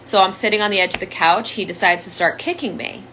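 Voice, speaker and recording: A woman's voice: mid-range voice, fast, pushed and bright, slight background noise, rough recording. A young woman candidly telling her own story as a survivor, in a conversational monologue full of "like" fillers. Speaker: domestic violence survivor sharing her story.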